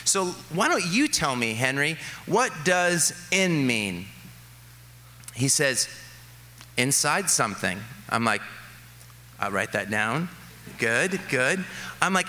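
Guy pastor preaching, bright forceful voice, gets excited telling stories then goes soft and earnest. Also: medium pitch. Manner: animated storytelling, quoting his kids with rising excitement; slows to a soft, earnest delivery for reflection. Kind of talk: sermon.

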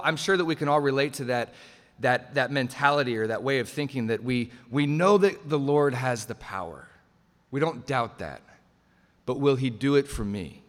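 A man's voice: medium pitch, fairly bright tone. A man preaching a sermon in a conversational way, slipping into quoted voices as he retells the passage. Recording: long hall reverb.

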